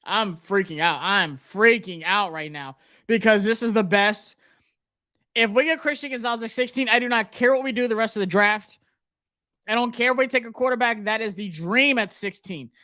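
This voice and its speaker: A young man hosting a live sports draft reaction stream, nervous and excited, talking to himself and his viewers. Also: high-pitched, moderate pace. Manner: anxious, excited, talks to himself. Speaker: sports livestream host.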